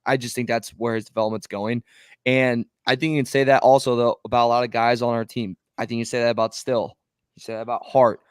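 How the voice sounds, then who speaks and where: A man co-hosting a sports podcast, talking in an excitable, emphatic way in casual chat. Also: mid-range voice, fast talker, clear, resonant tone, no echo, studio quality. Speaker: podcast co-host.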